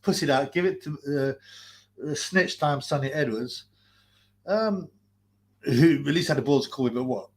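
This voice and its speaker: A man's voice: mid-range voice, a little slow, pauses often, a little hiss or hum. A man ranting profanely on a live stream, mocking and laughing, his nose blocked so his breathing is heard. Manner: abusive, mocking, laughing, mimics callers.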